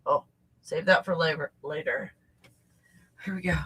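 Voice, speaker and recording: Husky-voiced woman chatting on her livestream, snacking, talking to chat, swears a lot. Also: low voice, a little slow, long pauses, fairly bright tone. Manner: chatty, swears freely, reacts to viewer comments. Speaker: host.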